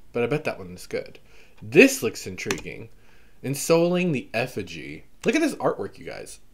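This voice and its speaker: A man's voice: on the high side, slight background noise. A man with a mild Southern accent, chatting casually on his vlog as he reads book blurbs aloud, exclaiming and coughing now and then from allergies. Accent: Southern US, toned down. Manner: animated, exclaims, skims text with filler. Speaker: vlogger browsing a book catalog.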